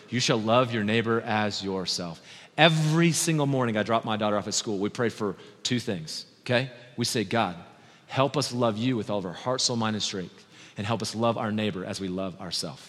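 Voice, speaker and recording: Male preacher, thirties, passionate sermon, soft-to-loud swings, echoing sanctuary. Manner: impassioned, swings from soft and slow to loud and high. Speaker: pastor.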